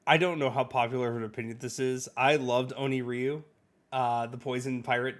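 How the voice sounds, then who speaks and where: A man's voice: medium pitch, steady tone, a little hiss or hum. A man co-hosting a podcast, chatting casually and enthusiastically about a game. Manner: enthusiastic, quick to laugh. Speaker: podcast co-host. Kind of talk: casual chat.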